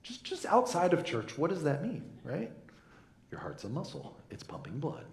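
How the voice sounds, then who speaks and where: Male pastor, slightly high and gravelly, lively joking sermon delivery, echoey church room. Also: normal speed, a little hiss or hum. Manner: jokey, animated, mimics voices, frequent laughs. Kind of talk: humorous sermon.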